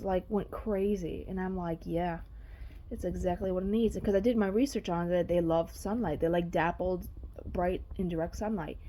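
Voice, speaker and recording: A woman talking casually about her plants in a vlog, gushing and excitable, with a chatty, rambling manner. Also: medium pitch. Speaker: vlogger.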